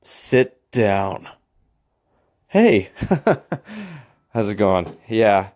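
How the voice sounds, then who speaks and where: A man's voice: lowish voice, very animated, extremely slow, darkish tone, exaggerated voice. A man voicing a rejection letter as an awkward, rambling young man, overly casual and fumbling. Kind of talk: comedic impression.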